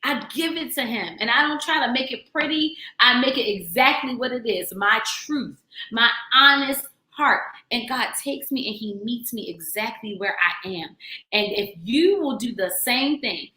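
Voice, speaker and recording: A woman's voice: fairly high pitch, expressive, moderate pace, sharp tone, roomy sound. A woman in her thirties hosting a radio show, speaking in an earnest, encouraging, conversational way about faith. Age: 30s. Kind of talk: heartfelt faith talk.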